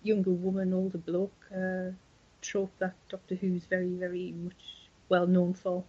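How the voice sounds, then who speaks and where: A woman co-hosting a podcast in casual chat, teasing and quick to laugh. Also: on the low side, monotone, husky, highs cut off. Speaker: podcast co-host.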